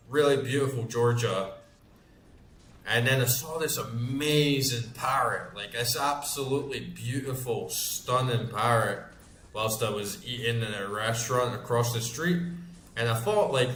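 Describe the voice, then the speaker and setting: A man in his forties rambles through a story, packing it with fillers and frequent swearing. His voice sits in a middle pitch, and a roomy echo hangs around it. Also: fairly bright tone, a little hiss or hum. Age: 40s. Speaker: gaming YouTuber. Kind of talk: casual storytelling.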